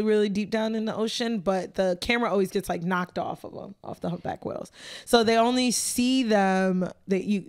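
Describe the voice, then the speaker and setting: A man's voice: high voice, smooth. A man co-hosting a casual podcast, crude and joking, laughing often as he talks. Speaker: podcast co-host. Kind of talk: casual chat.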